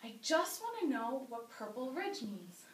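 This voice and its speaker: A woman's voice: high voice, sing-song, unhurried, slight background noise. A woman putting on a desperate, bewildered man. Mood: pleading. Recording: roomy, distant live-stage mic.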